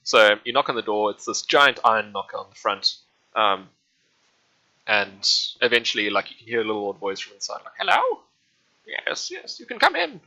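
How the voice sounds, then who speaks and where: Bright-voiced man narrating a tabletop game. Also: fairly low pitch, steady tone, a little fast, poor audio. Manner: casual, rambling narration with many fillers. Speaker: game master.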